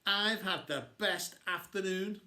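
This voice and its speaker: A man's voice: sits high, slow pace, bright, forceful tone, reverberant, pitched above the performer's own voice, full character voice. A man reading a story aloud, voicing a chatty, show-off young girl who brags and teases. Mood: bragging. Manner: bubbly and bragging.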